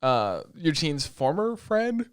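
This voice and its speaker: A man co-hosting a casual anime podcast, excitable and profane, retelling scenes with animated energy. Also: fairly high pitch, takes it slowly, clean tone, dry recording, studio quality. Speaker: podcast co-host.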